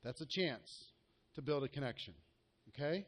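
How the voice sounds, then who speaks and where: A man's voice: mid-range voice, animated, normal speed. A man coaching a live group, talking earnestly and directly and often asking the room questions. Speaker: network marketing coach.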